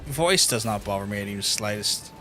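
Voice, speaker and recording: Over game music, a young male streamer commentates his own gameplay live in a fairly low, animated voice at normal speed. He's sweary and blunt, ranting between fights.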